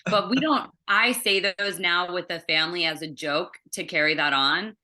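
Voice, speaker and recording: A woman from Maryland chats as an interview guest. Her voice sits low but sounds bright and forceful. She tells family stories with animation. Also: normal speed. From Maryland, USA. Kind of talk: casual interview conversation.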